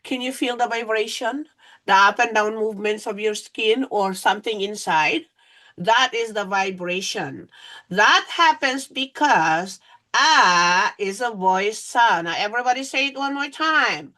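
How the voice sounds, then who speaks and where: A woman's voice: mid-range voice, measured pace, pushed and bright. A woman teacher giving a phonics lesson to young children, patient and repetitive, often saying "all right".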